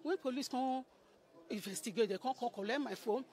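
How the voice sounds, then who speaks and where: A woman's voice: on the high side, brisk. Nigerian woman telling her story with animation. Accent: Nigerian Pidgin English. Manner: animated storytelling, acting out what others said. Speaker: person giving a testimony. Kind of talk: emotional spoken testimony.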